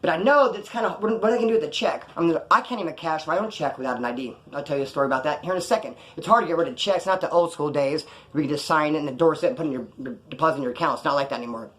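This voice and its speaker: Guy rambling through a story, talks quick, kinda high voice, lots of cussing. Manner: profane, rambling, animated storytelling. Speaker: vlogger recounting prison life. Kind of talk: casual storytelling monologue.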